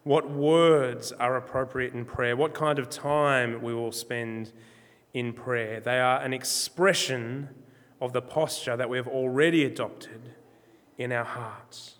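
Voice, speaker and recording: Male preacher, measured and emphatic, mid-pitched voice, long church echo. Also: fairly even intonation, fairly bright tone. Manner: measured, emphatic, slows on key words. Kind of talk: sermon.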